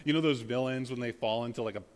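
A man's voice: medium pitch, fairly even intonation, quick pace, in a large hall. A man, a pastor, preaching a sermon in a loose, conversational way, full of fillers, with bursts of dramatic scripture reading. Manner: conversational, uses many fillers like "like" and "you know".

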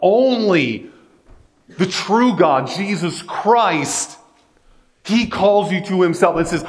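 A man's voice: high-pitched, expressive, slow pace. A man preaching a sermon in a casual, conversational way with joking asides.

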